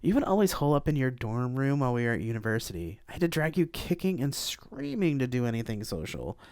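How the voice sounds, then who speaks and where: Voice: medium pitch, big pitch swings, fast talker, darkish tone, dry recording, studio quality, close to an everyday voice. The reader voicing a tipsy, blunt young woman who teases her old friend in a live-read audiobook. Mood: teasing.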